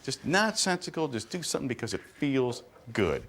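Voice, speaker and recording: A man's voice: on the high side, brisk, gravelly, hardly any pauses. A middle-aged man performing a stand-up comedy routine, telling stories with punchy asides. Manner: animated storytelling with punchy asides.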